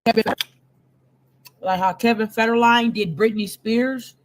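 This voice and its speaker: A woman's voice: a little high, steady tone, measured pace. A woman hosting casual gossip commentary with blunt, crude, chatty asides. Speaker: host of a commentary channel.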